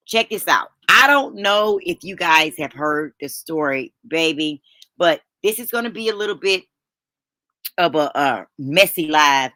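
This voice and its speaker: A woman's voice: sits low, animated, unhurried, pushed and bright, dry recording, clean studio sound. A middle-aged woman hosts a casual live stream, calling viewers honey and baby, with folksy slang and lots of restarts.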